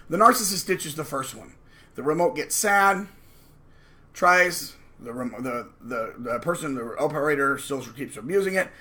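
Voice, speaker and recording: Bright-voiced man ranting emphatically. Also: fairly high pitch. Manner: emphatic, sarcastic, acts out quoted voices. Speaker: channel host. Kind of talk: ranting monologue to camera.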